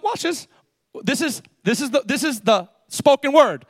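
A pastor preaching a lively sermon, with call-and-response and quick asides to the congregation. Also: male voice, extremely high pitch, no room sound.

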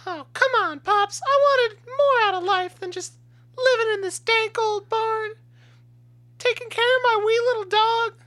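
Woman doing a whiny, shrill farm kid. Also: a little slow, a bit bright, no echo. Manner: high, pleading and sulky. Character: whiny restless young daughter on a farm. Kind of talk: improv scene acting.

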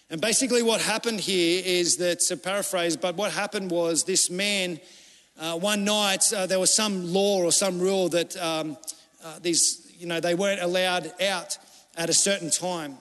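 A man delivering a sermon, his voice pitched fairly high for a man. He moves between fervent, urgent appeals and quiet, intimate pleading. The sound rings out with the long echo of a large church hall. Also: fairly even intonation, moderate pace. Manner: impassioned preaching, swinging from urgent cries to hushed pleading. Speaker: pastor.

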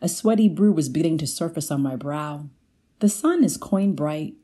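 A woman reading a first-person literary piece aloud at a measured pace, lifting her pitch for the quoted lines. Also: expressive, mellow, slightly rough. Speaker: guest reader.

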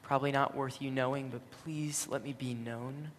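A man voicing a repentant dying criminal who quietly asks to be remembered. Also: mid-range voice, steady tone, normal speed, slight background noise, close to an everyday voice. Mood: humble. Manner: quiet, pleading. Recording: long hall reverb.

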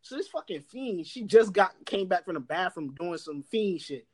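A young man telling workplace stories in casual chat, animated and laughing, loudly acting out what others said. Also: sits high, normal speed. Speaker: storyteller.

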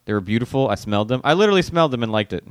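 A man's voice: mid-range voice, expressive, racing, clear, resonant tone, dry recording, clean studio sound. A man hosting a podcast, doing a rambling, teasing ad read and swearing casually. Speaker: podcast host reading an ad.

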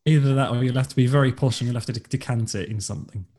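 A man's voice: medium pitch, racing, mellow. A man co-hosting a casual podcast, narrating what his friend is doing.

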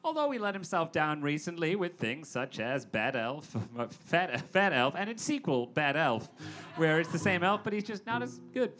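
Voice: mid-range voice, very animated, normal speed, few pauses, a bit bright, faint music behind. A performer voicing an awards ceremony host, announcing in a chatty way.

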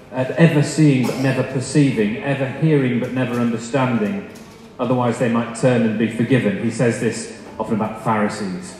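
A man's voice: medium pitch, darkish tone, a little hiss or hum. Young guy preaching, chatty and jokey, big echoey hall with long reverb. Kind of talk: storytelling sermon.

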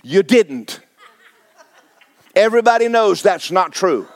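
A man's voice: sits high, big pitch swings, slow pace, no room sound. A man preaching a sermon, folksy and fiery, repeating phrases for emphasis. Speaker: pastor.

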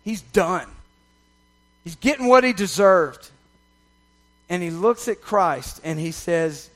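A man preaching a sermon, swinging from loud, emphatic passages to soft, confiding ones and checking in with the congregation. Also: a little high, measured pace, long pauses. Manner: conversational, checks in with the audience. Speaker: pastor.

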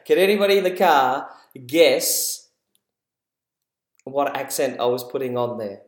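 A man's voice: mid-range voice, expressive, a little slow, long pauses. A man with an Australian accent hosting a casual educational podcast, chatty and encouraging, laughing at himself. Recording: roomy echo.

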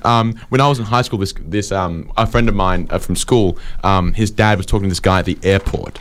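A man's voice: low voice, fairly quick. A man co-hosting a comedy podcast, telling jokey, rambling stories full of fillers. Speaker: co-host.

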